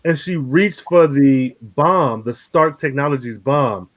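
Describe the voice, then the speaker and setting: A man's voice: mid-range voice, takes it slowly. A man hosting a casual review podcast, talking animatedly, laughing often and swearing casually. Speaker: podcast host.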